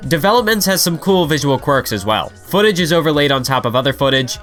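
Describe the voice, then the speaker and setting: A man's voice: a little high, animated, fast talker, fairly bright tone, soft background music. A young man reading a scripted video review voice-over, analytical and now and then enthusiastic.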